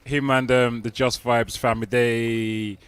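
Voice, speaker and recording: A man on a podcast chats casually in a mid-range voice. He jokes and gives the same shout-out several times over. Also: medium pitch, level tone, measured pace, clear, resonant tone, no room sound. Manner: jokey, repeating shout-outs. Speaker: podcast co-host. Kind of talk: casual chat.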